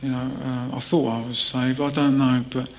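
A man giving a hesitant testimony at a church meeting, with many pauses and fillers. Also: medium pitch, level tone. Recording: dull old tape with faint noise.

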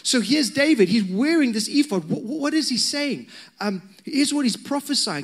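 A man's voice: extremely high pitch, normal speed. A man preaching a sermon, telling personal stories with conversational asides to the congregation. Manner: animated storytelling, conversational asides to the crowd. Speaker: pastor.

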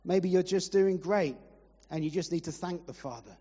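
A man's voice: high-pitched, normal speed, mellow, breathy edge. A man preaching a sermon as pastor, earnest and pleading, at times emotional. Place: church hall. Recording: reverberant church hall, muffled.

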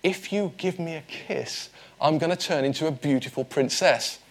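Brief: a man voicing a small talking frog, coaxing and insistent, plain speaking voice pitched a little high, soft delivery. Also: normal speed.

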